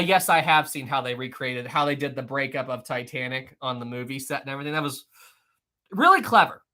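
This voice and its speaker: Bright-voiced chatty live-stream host. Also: medium pitch. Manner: chatty, often repeats phrases. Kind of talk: casual live-stream chat, reading and answering chat.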